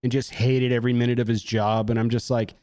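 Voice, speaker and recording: A man on a podcast telling a story in casual chat, animated, swearing a lot and acting out what people said. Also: mid-range voice, quick pace, dry recording. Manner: animated, heavy swearing, acts out quotes. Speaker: podcast co-host.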